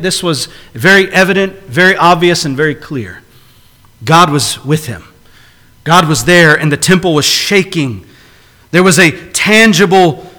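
A man preaching a sermon to a congregation in a church hall, with a high, bright voice. He presses his points earnestly, stacking repeated phrases for emphasis. The sound carries a long reverb from the large room. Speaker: pastor.

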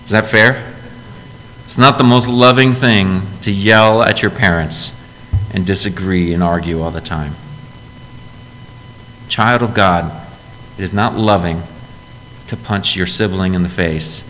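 A man with a lowish voice preaches a sermon in a church, earnest and direct, often asking his listeners questions. His words ring out with a long reverb, over a faint low rumble. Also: fairly even intonation, a little slow, pauses often, pushed and bright. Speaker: pastor.

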